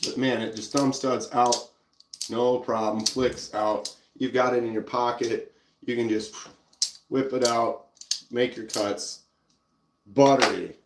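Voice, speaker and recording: Minnesota guy chatting on his live stream, laid back, mid pitch, kinda echoey room. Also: slow pace, long pauses, noisy background. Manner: relaxed, chatty, reads out viewer comments. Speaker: livestream host showing pocket knives. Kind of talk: casual live-stream chat.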